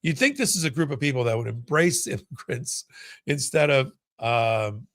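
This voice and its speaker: A man hosts a laid-back live-stream on a court case as a legal commentary host, reading viewer comments out loud and restarting himself a lot in a conversational way. His voice is medium-pitched and a bit bright at normal speed, with studio quality and no echo.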